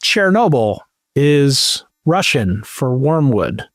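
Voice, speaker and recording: A man's voice: mid-range voice, very animated, no echo, studio quality. A man co-hosting a podcast, chatting casually and telling rambling, jokey stories. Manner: rambling, jokey, slow storytelling. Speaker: podcast co-host. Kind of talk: casual chat.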